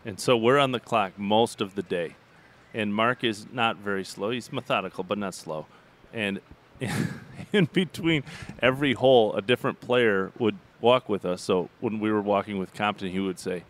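Low-voiced animated storyteller man. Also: normal speed. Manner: animated storyteller, laughing as he tells. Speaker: podcast cohost, former caddie. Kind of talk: casual podcast storytelling.

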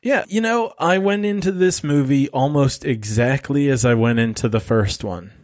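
A man's voice: mid-range voice, moderate pace, dry recording. A man co-hosting a podcast, reacting to movie talk with wry, dry humor in casual chat. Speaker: podcast co-host.

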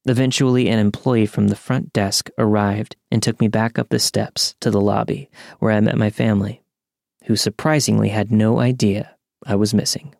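Gravelly low-voiced male story narrator. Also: dry recording, clean studio sound. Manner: calm, measured storytelling. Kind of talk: scripted narration of a true scary story.

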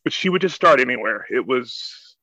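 A man co-hosting a casual chat, telling stories in a dry, measured way. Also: mid-range voice, animated, sharp tone, dry recording, highs cut off.

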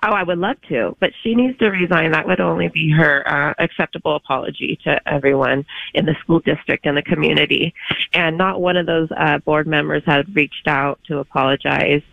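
A woman's voice: low-pitched, a little fast, vocal fry, dry recording. A woman phoning into a radio show, a parent speaking indignantly and pressing her point. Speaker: caller. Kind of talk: phone-in call. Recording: dull lo-fi phone line.

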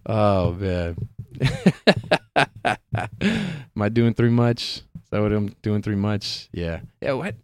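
A man's voice: on the low side, animated, slow, clear, resonant tone, dry recording, clean studio sound. Laid-back man rambling on a live stream. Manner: rambling, laughs often, swears casually, slangy. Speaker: podcast host streaming live. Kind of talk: casual live-stream chat.

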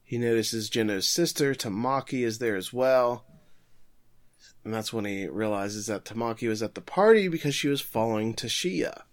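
A man's voice: mid-range voice, lively intonation. Casual male podcast co-host, joking recap delivery. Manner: joking, summarizing plot quickly. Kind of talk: casual anime recap chat.

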